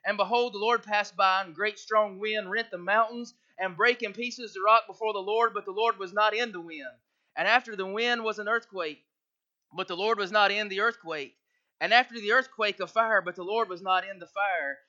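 Brief: male preacher, very high and bright voice, sermon on a dull lo-fi recording. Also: normal speed. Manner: preaching with rising intensity, reading scripture aloud.

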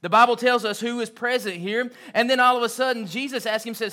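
A man delivers an evening sermon in an earnest, emphatic style. His voice sits high and rings bright and forceful. He repeats key phrases to drive them home. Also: fairly even intonation, brisk. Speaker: preacher.

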